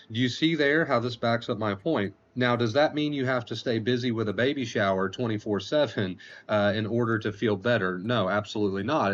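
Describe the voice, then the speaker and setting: A man hosting a livestream as an anxiety recovery coach, explaining points slowly and often repeating himself while reading chat aloud. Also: medium pitch, a bit bright, lo-fi sound. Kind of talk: casual livestream advice talk.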